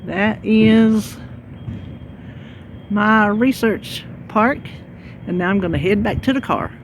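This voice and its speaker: A Southern woman from North Carolina speaks slowly in a mid-range voice, vlogging a casual walking tour of her town. She's chatty and folksy, rambling along and addressing viewers as y'all. She films outdoors on windy streets with a handheld phone, amid loud traffic and car noise.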